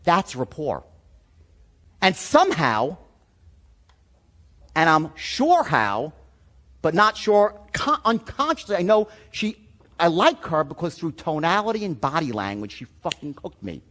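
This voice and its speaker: A man's voice: fairly high pitch, sing-song, measured pace, pauses often, fairly bright tone. A middle-aged man teaching sales in a blunt, profane seminar storytelling style. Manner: blunt, swearing, emphatic. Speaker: sales trainer.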